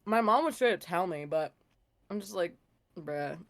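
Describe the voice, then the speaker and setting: Animated young woman chatting casually. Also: medium pitch, normal speed. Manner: animated, laughing, slangy. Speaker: podcast co-host. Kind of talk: casual chat. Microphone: video call.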